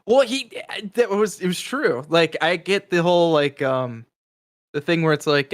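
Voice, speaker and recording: Man co-host, a bit high-pitched, loose rambling storyteller. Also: normal speed. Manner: rambling, laughing retellings. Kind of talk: casual podcast chat.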